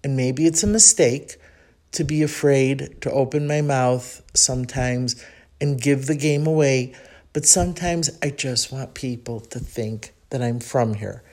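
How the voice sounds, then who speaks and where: A woman's voice: rumbling low, unhurried, warm tone. A woman from Chicago with a Chicago accent, hosting a casual podcast monologue in a rambling, reflective way with frequent ums. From United States (Chicago). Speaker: podcast host.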